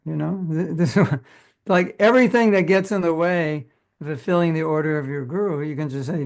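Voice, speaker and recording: A man's voice: on the high side, normal speed, creaky, a little mellow. An older man giving an informal spiritual class, talking conversationally, acting out imagined dialogue and asking his listeners questions. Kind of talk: informal sermon. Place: class at a community temple.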